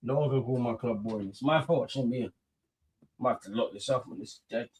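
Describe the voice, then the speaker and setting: A man's voice: mid-range voice, quick pace, darkish tone, a little hiss or hum. Slangy young man. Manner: chatty, slangy, openly bored. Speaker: football watchalong streamer. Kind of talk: casual live match commentary.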